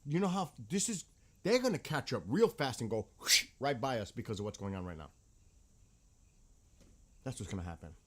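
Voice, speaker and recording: A man ranting bluntly about politics in a casual vlog, heated and swearing often. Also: lowish voice. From United States. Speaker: vlogger.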